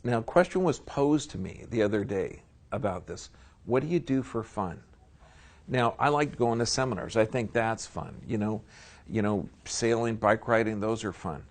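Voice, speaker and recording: A man's voice: on the low side, animated, normal speed. A man giving a live seminar lecture, folksy and emphatic, often checking in with his audience. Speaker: seminar speaker.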